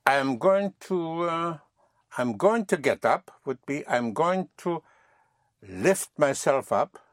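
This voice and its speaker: A man leads a recorded language lesson. He drills phrases patiently, repeats them and corrects gently, and his pitch moves a lot. The sound is dry and close. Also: animated, takes it slowly, no room sound. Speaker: language teacher.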